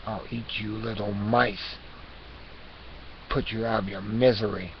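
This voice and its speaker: In a lowish, everyday-sounding voice at a measured pace with fairly even intonation, a man plays a male house cat in a comic rant. The cat scolds and hectors listeners conspiratorially, repeatedly demanding they pay attention. The recording is dull, lo-fi, and hissy.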